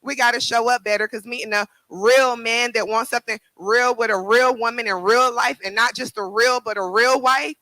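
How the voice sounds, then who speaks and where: A woman's voice: fairly high pitch, steady tone, normal speed, few pauses, bright, forceful tone, dry recording, low-quality recording. A woman performing spoken word poetry with a rhythmic, emphatic, rhyming delivery. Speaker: performing poet.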